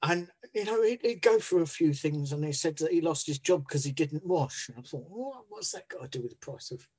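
A man's voice: fairly high pitch, animated, a little fast, a little mellow, breathy edge. A man telling his recovery story in a blunt, rambling way, swearing freely and restarting his sentences. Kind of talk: candid personal storytelling.

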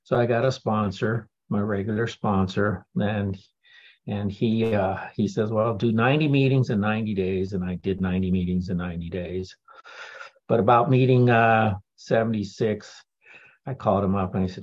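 Man, husky voice, candid testimony talk with dry humor. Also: fairly low pitch, moderate pace, darkish tone, highs cut off. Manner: candid, wry storytelling with laughs. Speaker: speaker sharing a recovery story.

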